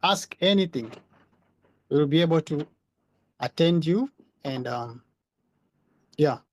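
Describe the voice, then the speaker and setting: A man with a slightly raised pitch hosts an online audio discussion, talking earnestly and explaining ideas step by step. He often restarts words mid-sentence. The sound is close and dry. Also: expressive, takes it slowly, no echo. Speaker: podcast host. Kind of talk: casual discussion.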